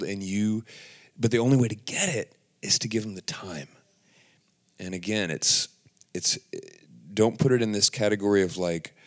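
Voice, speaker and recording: Earnest male devotional speaker, low-pitched, casual and halting, full of restarts. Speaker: Christian speaker.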